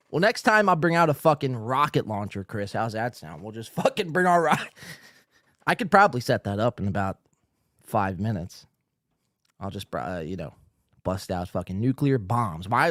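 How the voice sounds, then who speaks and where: A man's voice: medium pitch, no echo, studio quality. A man hosting a live podcast, talking profanely and loosely while reading out viewer comments. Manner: loud, profane, hyped yelling. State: out of breath. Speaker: podcast host. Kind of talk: live-streamed podcast talk. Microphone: studio mic.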